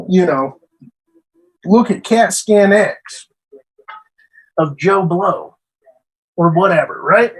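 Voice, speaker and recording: A man's voice: high voice, vocal fry, husky, rough recording. A man who works as a computer repair tech, talking in an emphatic, rambling casual rant that repeats itself.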